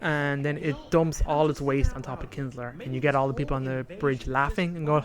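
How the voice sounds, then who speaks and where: A man's voice: mid-range voice, steady tone, a little fast. A man co-hosting a podcast, retelling a story casually and acting out quoted lines along the way. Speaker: podcast co-host. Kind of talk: casual chat recapping a story.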